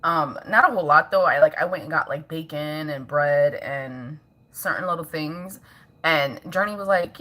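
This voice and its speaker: A woman's voice: sits low, moderate pace, bright, forceful tone. A woman vlogging casually at home as a mother, chatting with viewers, laughing often and scolding her toddler in between.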